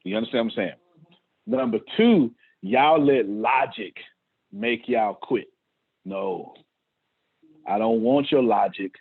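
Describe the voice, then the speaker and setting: Husky man preaching over a tinny call. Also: medium pitch, sing-song, slow, pauses often. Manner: preachy, repeats phrases, laughs often. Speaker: host. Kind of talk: motivational talk to staff on a video call. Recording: tinny phone-like call audio.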